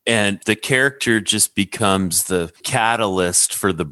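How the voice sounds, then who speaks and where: A man co-hosting a casual film discussion, speaking in a measured, reflective way. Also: lowish voice, sharp tone, dry recording.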